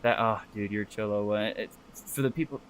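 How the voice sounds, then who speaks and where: A man's voice: on the low side, steady tone, moderate pace, a little hiss or hum. A man co-hosting a podcast in loose casual chat, swearing freely and laughing often while he draws. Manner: talks while drawing. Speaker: podcast co-host.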